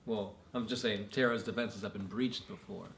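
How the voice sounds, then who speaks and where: A man co-hosting a casual chat, talking in a relaxed, loose way with lots of fillers. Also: on the low side, normal speed, gravelly. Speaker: podcast co-host. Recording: echoey room with faint noise.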